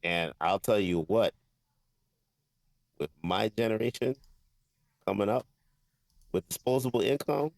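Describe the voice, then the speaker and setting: A man co-hosts a casual gaming podcast in a low, gravelly voice. His pitch jumps around as he cracks jokes and teases the panel. The sound is dry and close. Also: lively intonation, a little slow, long pauses, a little mellow, no echo. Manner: playful, wisecracking. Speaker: podcast co-host. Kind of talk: casual chat.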